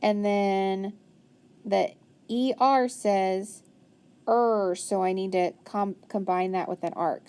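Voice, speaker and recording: A woman teacher walks through a phonics worksheet at an unhurried pace. Her voice is mellow and soft, and she sounds each word out patiently, stopping often to praise. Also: mid-range voice, fairly even intonation, smooth.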